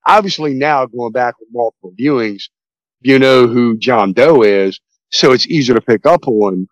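A male podcast host in loose movie talk, rambling and excitable, cursing freely. His voice sits at an ordinary pitch, and the sound is dry and close. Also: moderate pace, dry recording, muffled recording. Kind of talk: casual movie podcast chat.

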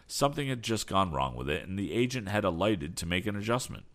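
A man narrating an audiobook in a steady, expressive storytelling manner. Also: low-pitched, brisk. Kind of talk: scripted narration.

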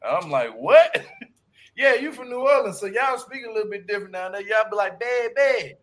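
A man from Louisiana with a Shreveport accent chats casually in a high, slightly bright voice at a quick pace. He laughs often and swears freely, keeping the talk loose and profane.

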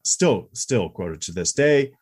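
Husky-voiced man chatting about movies. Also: lowish voice, animated, normal speed. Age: 40s. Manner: chatty, candid, laughs easily. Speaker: podcast co-host. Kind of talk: casual movie review chat.

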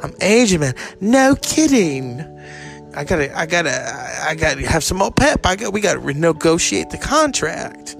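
A man's voice: fairly high pitch, big pitch swings, moderate pace, vocal fry, fairly bright tone, faint music behind, pitched above the performer's own voice, heavily acted. A man voicing an aging male soul singer who pleads to get his youth back, in a raised, strained voice. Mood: pleading.

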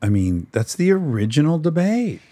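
A man hosting a podcast, chatting casually and teasing his co-host with quick remarks. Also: fairly high pitch, no room sound, clean studio sound. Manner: teasing, lively interjections. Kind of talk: casual chat.

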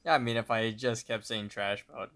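A young man co-hosting a podcast, casually retelling a cartoon episode and briefly imitating the characters. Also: lowish voice. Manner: relaxed, retells scenes with quick character voices. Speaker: podcast co-host.

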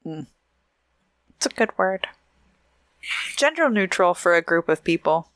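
A woman's voice: fairly low pitch, very animated, a little slow, a bit bright, no room sound, studio quality. A woman from Oregon co-hosting a podcast in casual, chatty talk, laughing often. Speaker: podcast co-host.

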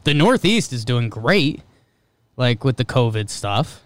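A man, co-hosting a podcast in relaxed, joking chat. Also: mid-range voice, a little slow, no room sound. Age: 30s. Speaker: podcast co-host. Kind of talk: casual chat.

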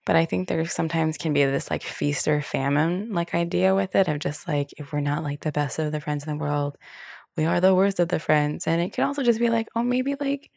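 A woman's voice: low voice, a little fast, gravelly, a little mellow, dry recording, clean studio sound. A young woman hosting a podcast alone, talking casually and candidly, full of "like" fillers and the odd swear word. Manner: loose, candid, filler-heavy talk with frequent "like" and swearing. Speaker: podcast host. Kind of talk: casual solo podcast chat.

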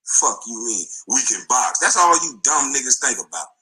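A man's voice: mid-range voice, big pitch swings, moderate pace, sharp tone, rough recording. A man in an angry, profane rant, taunting and repeating insults. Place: front seat of his car.

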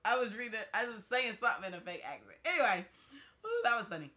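A woman's voice: on the high side, sing-song, quick pace, pushed and bright. A woman co-hosting a podcast, reading out replies with sassy asides. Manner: reads list aloud with sassy asides. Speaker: podcast co-host. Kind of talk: casual chat.

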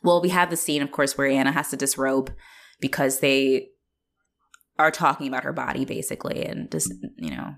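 A woman in casual conversation about a film, chatty and animated, with many filler words. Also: very deep voice, normal speed.

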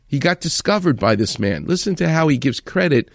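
A man's voice: on the high side, very animated, a little fast, gravelly, no room sound, clean studio sound. A man hosting a show, retelling a story with enthusiasm and acting out quoted lines. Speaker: host. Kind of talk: storytelling commentary.

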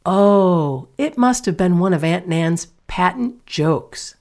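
A woman's voice: fairly low pitch, lively intonation, slow, a little mellow. A woman voicing an earnest young girl. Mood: welcoming. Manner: earnest and hospitable. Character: warm well-mannered young girl.

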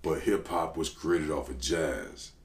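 A New Orleans rapper with a very deep voice talks slowly as a podcast guest, telling stories in a casual interview with animated, slangy delivery and loud bursts. The recording is roomy with echo.

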